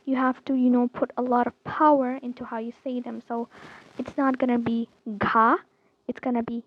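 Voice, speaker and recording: A woman giving a casual online lesson, going through each letter slowly and saying every sound several times, with many fillers like "um" and "you know". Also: a little high, little pitch movement, no echo, dull audio. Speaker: language teacher.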